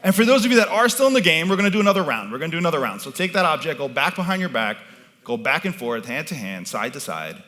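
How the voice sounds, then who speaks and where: A man's voice: fairly high pitch, expressive, fast talker, pushed and bright. A man performing as a mentalist, leading a live audience through a participation game from an event stage with commanding, playful patter.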